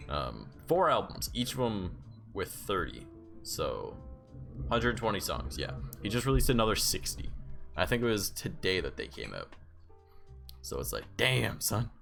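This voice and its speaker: A man's voice: fairly low pitch, huge pitch swings, unhurried, creaky, fairly bright tone, faint music behind. A man streaming live, chatting casually and sarcastically, rambling and swearing freely. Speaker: livestreamer.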